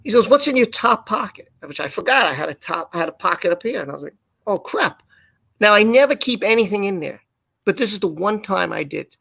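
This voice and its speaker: A man co-hosting a live stream, casually telling a personal story in an animated way and acting out the quoted lines. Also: high-pitched, quick pace, gravelly, no echo.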